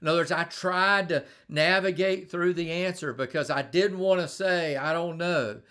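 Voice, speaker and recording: Middle-aged guy doing a leadership talk live, kinda high bright voice, chatty, stumbles and repeats words a lot. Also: moderate pace, smooth. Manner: conversational, repeats words and restarts, storytelling. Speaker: leadership speaker. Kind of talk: live-streamed motivational talk.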